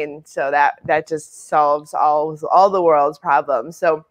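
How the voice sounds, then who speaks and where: Brief: young Canadian woman, new mom, sleep deprived, low-pitched, casual storyteller. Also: steady tone, slow pace. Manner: chatty, laughing, storytelling with voiced quotes. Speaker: guest author. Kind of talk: casual interview chat.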